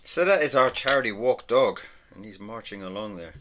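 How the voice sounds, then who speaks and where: A man talking casually as he draws, chatty and meandering, often trailing off into a soft murmur. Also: lowish voice, lively intonation, normal speed, a little hiss or hum. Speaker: artist and vlogger. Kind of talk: casual narration while drawing.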